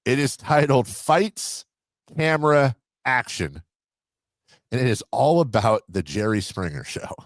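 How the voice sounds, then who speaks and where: A man co-hosting a sports radio show, bantering in an animated, emphatic way. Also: mid-range voice, dry recording. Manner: animated, quick to jump in, emphatic. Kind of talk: casual studio banter.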